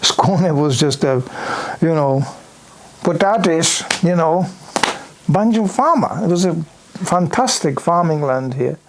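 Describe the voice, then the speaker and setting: A man's voice: a little high, animated, slow, a little hiss or hum. An older man preaching in a temple hall, telling a story with many "you know" asides and acted-out sound effects. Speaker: visiting preacher. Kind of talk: storytelling sermon.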